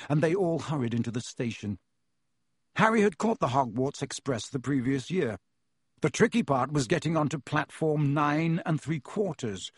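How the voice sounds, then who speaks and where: Husky male storybook narrator. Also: fairly high pitch, dry recording, studio quality. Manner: measured, vivid storytelling. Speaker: audiobook narrator.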